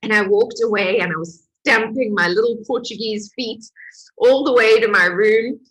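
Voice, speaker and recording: A woman speaks in a husky, breathy voice that sits a little high. She gives a candid, confessional motivational talk as a healing coach and tells her own story with open emotion. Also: normal speed, a bit bright, rough recording.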